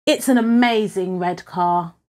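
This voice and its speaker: A woman voicing an eager, sly young boy in a read-aloud picture book, in a bright, excited, pleading way. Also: medium pitch, a little slow, natural voice.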